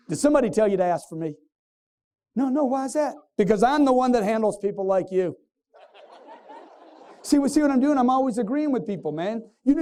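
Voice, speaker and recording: Male sales trainer on stage: high, mellow voice, punchy crowd-quizzing delivery. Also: lively intonation, fairly quick. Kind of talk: motivational sales seminar talk. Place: stage before a live audience.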